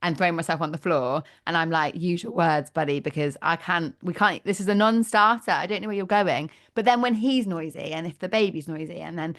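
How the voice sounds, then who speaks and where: Lady host, kinda low voice, calm and reassuring. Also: a little fast, hardly any pauses. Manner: reflective, reassuring. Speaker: podcast host, midwife. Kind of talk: casual chat.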